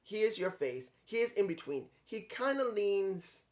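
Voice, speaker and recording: A man's voice: high voice, big pitch swings, slow. A man reviewing a wrestling show in casual, rambling commentary, getting frustrated and stumbling over names.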